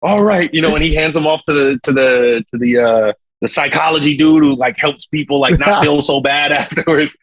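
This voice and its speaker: A young man with a husky, fairly high voice, talking as a guest on a casual interview show. He tells his story in a lively, slangy way and throws in sound effects. The feel is loose and conversational. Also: fairly quick, hardly any pauses, poor audio. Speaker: guest, singer.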